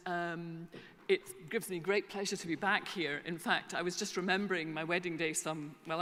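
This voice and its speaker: A woman's voice: on the low side, a bit bright. Scottish woman in her sixties giving a keynote. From Scotland. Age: 60s. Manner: chatty, with humorous asides. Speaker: keynote speaker. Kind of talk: conference keynote speech. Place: concert hall conference centre. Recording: long reverb of a concert hall conference centre.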